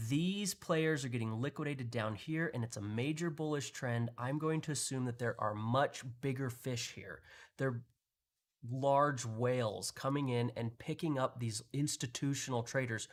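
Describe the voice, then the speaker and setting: A man hosting a live market analysis, talking through charts in a conversational way with frequent restarts. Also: mid-range voice. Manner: conversational, explaining with pointing phrases and restarts. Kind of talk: live trading chart walkthrough.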